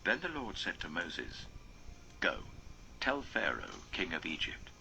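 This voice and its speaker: An extremely deep, gravelly male voice reads scripture aloud slowly and solemnly, sometimes sinking to an almost whispered hush. His tone is bright and cutting despite the depth, and he rises and falls widely in pitch. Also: wildly swooping pitch, a little hiss or hum, low-quality recording. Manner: slow solemn reading, drops to near whisper. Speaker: father reading aloud.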